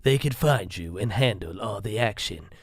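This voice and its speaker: A man's voice: on the low side, lively intonation, normal speed, no room sound, voice pushed down. Guy doing a dry mock-serious promo narrator voice, lots of up and down, dead dry sound. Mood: deadpan. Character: deadpan male narrator of a mock tech promo.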